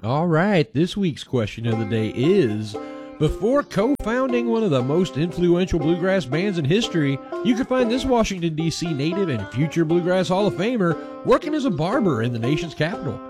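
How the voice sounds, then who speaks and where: A man's voice: on the high side, very animated, moderate pace. A man hosting a music radio show, chatting in a folksy, joking way and laughing often. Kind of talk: casual radio chat.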